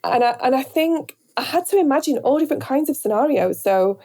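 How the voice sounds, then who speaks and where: A woman from Northern England with a softened Northern accent, talking reflectively in an interview, searching for words with many pauses and restarts. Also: sits high, expressive. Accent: Northern English, softened. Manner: thoughtful, hesitant, many fillers and restarts. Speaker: radio presenter, guest.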